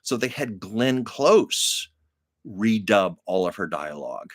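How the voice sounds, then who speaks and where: An older man hosting a live chat, telling stories with a low voice that rises and falls a lot. He talks casually and laughs as he goes. The sound is dry and close. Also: animated, slow pace, dry recording. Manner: chatty storytelling, laughs often. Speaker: live stream host. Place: Los Angeles.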